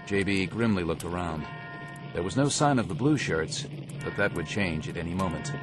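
A man giving a steady, measured scripted audiobook narration. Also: sits low, over music.

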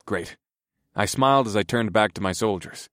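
A male narrator reading a first-person fantasy audiobook, steady and even in his storytelling. His voice sits low, and the recording is close and dry, with no room sound. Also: fairly quick, no room sound.

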